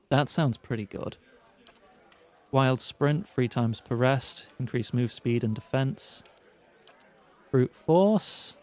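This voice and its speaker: A man streaming a game, chatting and laughing with viewers and reading ability text aloud. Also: medium pitch. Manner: bursts of excited greetings to chat. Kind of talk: casual game commentary.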